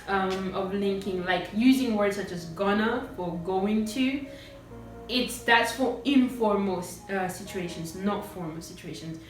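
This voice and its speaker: A woman teaching English pronunciation, modelling short phrases slowly and repeating them clearly for learners. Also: mid-range voice, fairly bright tone, far from the mic. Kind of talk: pronunciation lesson. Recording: very echoey room, voice from off-mic, faint music.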